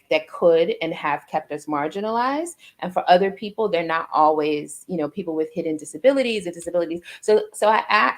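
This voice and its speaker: A woman hosting an interview over a video call, earnest and rambling, often tagging her points with "right?". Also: lowish voice. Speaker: host.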